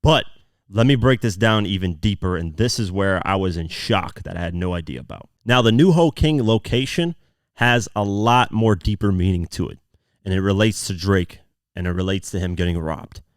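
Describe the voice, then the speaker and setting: Deep-voiced man breaking down lyrics. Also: normal speed, dry recording, studio quality. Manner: breaks down lyrics line by line, frequent fillers. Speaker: podcast host. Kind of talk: casual podcast commentary.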